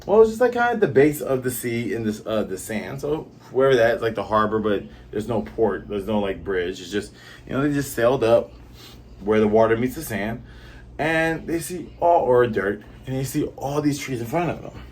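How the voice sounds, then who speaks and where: Chatty man with lively pitch. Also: normal speed, a little hiss or hum. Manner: rambling, chatty, many fillers. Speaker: comic reviewer. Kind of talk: casual chapter recap.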